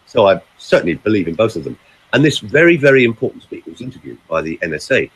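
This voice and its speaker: A man's voice: on the low side, fast, slightly rough. Brit vocal coach guy, swoops up and down a lot, emphatic podcast chat. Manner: demonstrates delivery, lively and emphatic.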